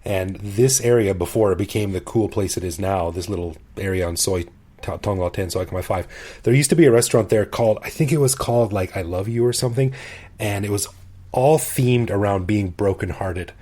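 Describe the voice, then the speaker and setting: On the low side and warm in tone, this man speaks briskly as co-host of a podcast. He's a middle-aged expat in Bangkok, and his casual, enthusiastic chat is full of laughter and restarted phrases.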